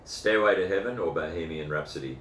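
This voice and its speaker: A man interviewing a guest with brisk, matter-of-fact rapid-fire questions. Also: low voice, a bit bright, slight background noise. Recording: echoey room.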